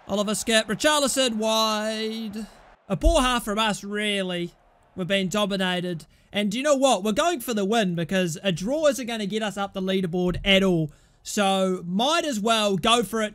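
A young man casually commentating his own football management game, chatting through results and shouting at goals and bad calls. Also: high voice. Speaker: gaming YouTuber.

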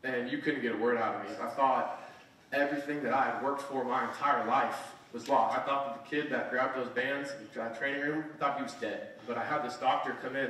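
A man's voice: mid-range voice, sharp tone, slight background noise. Young man telling his story in an echoey hall. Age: 20s. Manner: earnest storytelling, frequent "right?". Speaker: motivational speaker. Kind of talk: motivational speech. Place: conference hall. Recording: echoey hall, mic at a distance.

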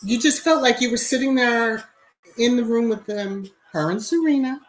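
A woman's voice: a little high, moderate pace, faint music behind, poor audio. Chatty woman hosting a live stream. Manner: greets chat viewers by name, chatty and emphatic. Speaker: YouTube livestream host. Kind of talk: casual live-chat commentary.

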